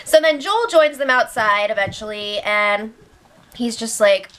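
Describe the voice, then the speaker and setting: A woman's voice: fairly high pitch, animated, a little slow, fairly bright tone. A young woman recapping a reality show in a chatty, sarcastic way, acting out what the players said. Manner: chatty, sarcastic, retells with quoted voices. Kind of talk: casual recap commentary.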